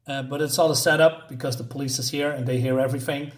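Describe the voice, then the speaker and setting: A man's voice: mid-range voice, steady tone, quick pace. A man casually talking through a comic book issue, hesitant and full of ums and uhs, often correcting himself.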